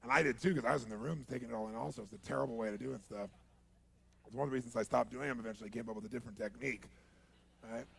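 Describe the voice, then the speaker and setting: A man telling a story at a seminar in an animated way, acting out the dialogue and checking in with his audience. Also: mid-range voice, racing, creaky, breathy edge. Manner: animated, acts out dialogue, asks the audience for agreement. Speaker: motivational speaker.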